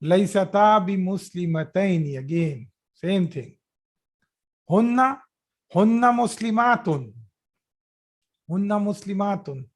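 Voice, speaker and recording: A man teaching an Arabic grammar class live over a video call, slowly repeating each phrase and praising his students as they answer. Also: sits high, lively intonation.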